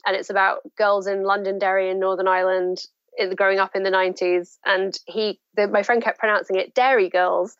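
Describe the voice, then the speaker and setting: A woman's voice: mid-range voice, brisk, smooth, dry recording. Chatty woman author on a dull, dry line. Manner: animated storytelling, acts out quoted voices. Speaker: author being interviewed. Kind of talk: chatty interview answers.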